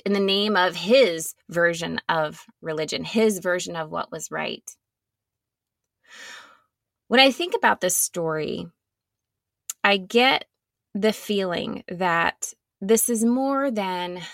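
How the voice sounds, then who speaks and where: A woman giving a reflective, earnest sermon, sometimes dropping to a soft near-whisper. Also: fairly low pitch, creaky, dry recording, studio quality. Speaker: speaker giving a devotional talk.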